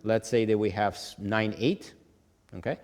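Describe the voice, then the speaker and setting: A lower-voiced man teaches music notation in a patient, step-by-step way, counting beats aloud and sounding out rhythms on "ta". He keeps checking in with "okay?" as he goes. His voice carries a long reverb, like a hard-walled room. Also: normal speed, darkish tone. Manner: chants rhythms on "ta". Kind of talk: whiteboard lesson.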